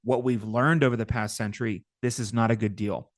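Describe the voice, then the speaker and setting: A man, a guest author, explaining his ideas in a measured way during an interview, with some fillers. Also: medium pitch, fairly even intonation, no echo, studio quality. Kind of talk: interview talk.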